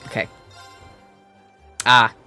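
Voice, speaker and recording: Playful streamer with soft music. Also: drawn-out words. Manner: playful, reads game dialogue aloud. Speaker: streamer playing a game. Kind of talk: casual let's-play commentary.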